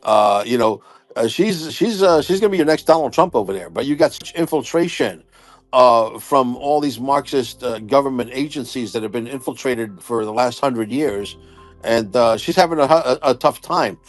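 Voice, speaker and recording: A man's voice: mid-range voice, expressive, normal speed, soft background music. Brash profane male podcast host. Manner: loud, profane, boastful, rambling with many fillers. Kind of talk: casual chat.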